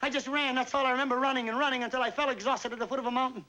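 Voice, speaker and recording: A man's voice: very high-pitched, fairly even intonation, rapid-fire, pushed and bright, rough recording. An actor playing a self-mocking male entertainer just home from army service, telling a wry story with comic timing in a 1950s film stand-up monologue. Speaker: stage entertainer.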